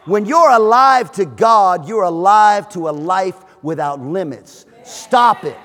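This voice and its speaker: A man preaching a sermon as pastor, emphatic and joking, with shouted peaks. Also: sits high, expressive, slow. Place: church auditorium. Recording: reverberant hall.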